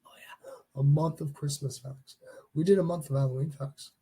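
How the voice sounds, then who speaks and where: A man's voice: a little high, steady tone, brisk, warm tone, breathy edge. A man from Canada hosting a casual live-stream show, chatting loosely and reading viewer comments aloud as he goes. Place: home studio.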